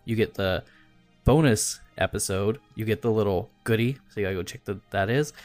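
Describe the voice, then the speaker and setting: A man co-hosting a casual podcast, relaxed, slowing down to read out promos. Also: lowish voice, soft background music. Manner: relaxed, reads promos slowly and deliberately. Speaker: podcast co-host. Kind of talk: casual chat.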